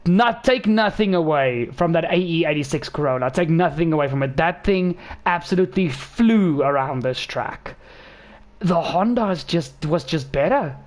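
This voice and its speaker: Excitable rambling male game reviewer. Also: a little high, moderate pace. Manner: excitable, rambling, frequent self-corrections. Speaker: gaming channel host. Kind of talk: casual game review commentary.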